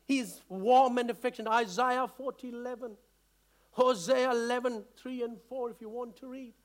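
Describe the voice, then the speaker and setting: A man's voice: extremely high pitch, fairly even intonation, normal speed. A man from India preaching a sermon to a church congregation, earnest and impassioned, stumbling over restarts and calling out to the congregation. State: emotional. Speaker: pastor.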